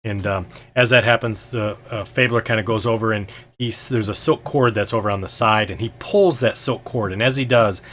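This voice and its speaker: A man's voice: fairly low pitch, moderate pace, hardly any pauses, a bit bright. A man narrating as game master of a tabletop game, hesitant and full of ums and restarts.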